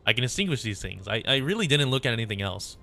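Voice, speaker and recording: A man voicing a gentle, earnest young girl who speaks timidly and stammers. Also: medium pitch, big pitch swings, quick pace, gravelly, soft background music, full character voice. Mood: nervous.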